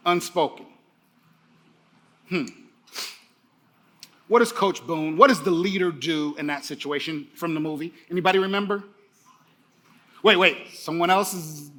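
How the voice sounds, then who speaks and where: Middle-aged male keynote speaker, bright and high-pitched, hammering points home through repetition. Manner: emphatic, repeats key phrases. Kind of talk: motivational keynote speech.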